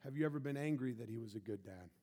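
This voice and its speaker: A man preaching a sermon, reading scripture and acting out the characters, with laughter and sudden loud bursts. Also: medium pitch, very fast, breathy edge. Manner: animated, acts out the scripture with shouts and laughter. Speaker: pastor.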